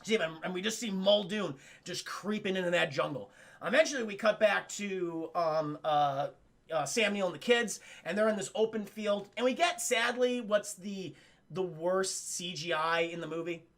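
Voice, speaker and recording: A man casually recapping a film on a live stream, profane and animated, acting out the characters' lines. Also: high voice, normal speed.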